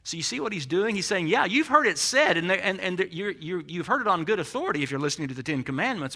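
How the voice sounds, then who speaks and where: A man's voice: on the high side, sharp tone. A man preaching a sermon, emphatic and explanatory, with dry humorous asides. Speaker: pastor.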